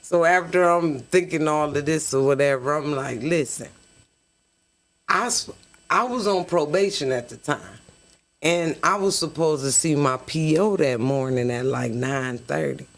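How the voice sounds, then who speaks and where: A woman tells her own story on a podcast in a relaxed, conversational way. She is animated and slips into quoted voices as she recounts what was said. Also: deep voice, unhurried. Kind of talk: casual storytelling.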